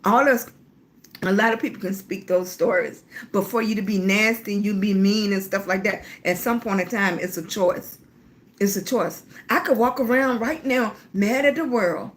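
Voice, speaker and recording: A woman's voice: medium pitch, moderate pace. A middle-aged woman hosting a casual livestream, chatting freely with viewers and calling them baby, with an occasional cough. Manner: talkative, warm-hearted, calls viewers baby. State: coughing at times. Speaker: livestream host.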